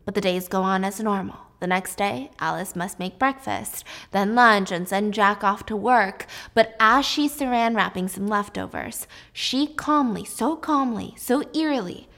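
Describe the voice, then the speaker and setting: A woman's voice: medium pitch, unhurried, vocal fry, a bit bright. A young woman casually recapping a film's story, emphatic and chatty.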